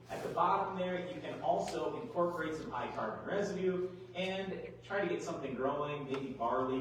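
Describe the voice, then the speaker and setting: A middle-aged man giving a farm workshop talk, folksy and animated, full of rhetorical questions. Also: fairly high pitch, noisy background. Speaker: agronomy speaker. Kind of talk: workshop presentation. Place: large hall. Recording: echoey hall, mic far off.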